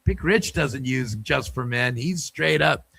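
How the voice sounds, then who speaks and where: A man's voice: medium pitch, animated, unhurried, gravelly, fairly bright tone, breathy edge. A man hosting a podcast in casual chat, joking around and signing off playfully. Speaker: podcast host.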